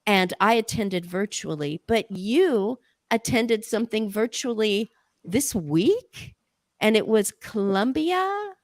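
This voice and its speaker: A woman's voice: medium pitch, sing-song, takes it slowly, no echo, clean studio sound. An older woman hosting a podcast, chatting casually and telling stories with enthusiasm. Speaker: podcast host. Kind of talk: casual interview chat.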